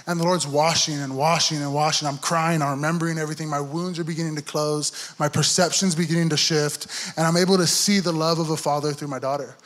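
A man's voice: a little high, steady tone, quick pace, few pauses, fairly bright tone. Earnest young man giving a sermon testimony. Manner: earnest storytelling, acts out inner dialogue. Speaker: church speaker giving a testimony.

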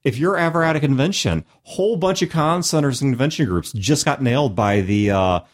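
A man's voice: medium pitch, a little fast. A man hosting a podcast in casual chat, talking emphatically and laughing often, from Missouri. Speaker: podcast host.

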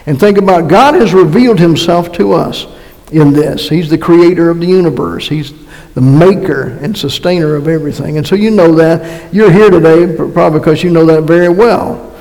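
Folksy preacher with a Massachusetts accent. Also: male voice, fairly high pitch, moderate pace, darkish tone. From North Carolina. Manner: folksy, joking asides, many restarts. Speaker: pastor. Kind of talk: conversational sermon. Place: church sanctuary. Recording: long reverb of a church hall.

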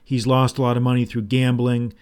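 A man talking through a solo podcast episode, loose and rambling, often circling back with restarts. He retells movie lines in his own ordinary speaking voice rather than acting them out. His pitch sits in the middle for a man. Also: level tone, a little fast, darkish tone, clear, resonant tone. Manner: rambling, with restarts and "blah, blah" asides. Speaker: podcast host. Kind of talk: casual solo podcast monologue.

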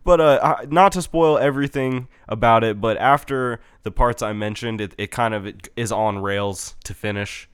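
A young man in casual chat, excitedly reviewing a game with lots of swearing and restarts. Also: mid-range voice, normal speed, hardly any pauses, smooth. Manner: excitable, profane, rambling with restarts. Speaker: podcast co-host reviewing a game.

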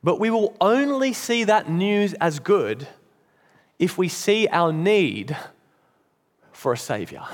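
In a church, a man delivers a sermon earnestly and emphatically, dropping low and soft at key moments. Long church reverb colors the recording.

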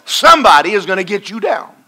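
A man preaching a folksy sermon to a congregation, swinging between loud and quiet. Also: high voice, big pitch swings, fast. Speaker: pastor. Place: church in front of a congregation.

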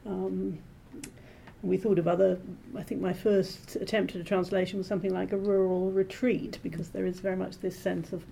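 A woman translator being interviewed, explaining her work in a measured, thoughtful way with frequent pauses and ums. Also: mid-range voice, level tone, creaky, mellow, a little hiss or hum. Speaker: literary translator, interview guest. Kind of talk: thoughtful academic conversation.

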